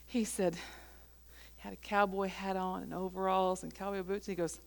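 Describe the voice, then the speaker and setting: A woman's voice: mid-range voice, fairly even intonation, moderate pace, gravelly, a bit bright. Woman pastor, sermon storyteller, acts out the quoted dialogue.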